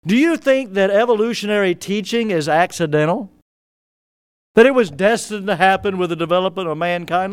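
A man preaching a sermon as pastor, rising to loud emphatic peaks and dropping to soft, low asides. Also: smooth. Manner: preaching with sudden loud rises and soft drops.

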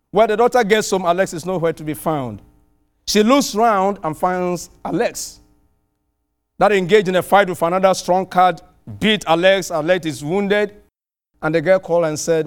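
A middle-aged man from outside the US with a foreign accent, preaching a sermon and telling a personal story with lively, animated delivery. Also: moderate pace, clear, resonant tone, soft background music. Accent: non-American. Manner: animated storytelling, pitch swinging widely.

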